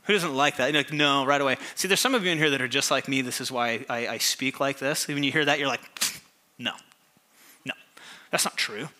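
A man preaching a sermon as pastor, asking the congregation questions and reading scripture slowly with emphasis. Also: mid-range voice, sharp tone. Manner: call-and-response questions to congregation.

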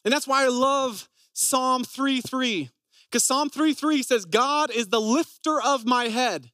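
A man's voice: extremely high pitch, slow pace, bright, forceful tone, dry recording, studio quality. A man preaching a sermon, telling personal stories in an earnest, conversational way.

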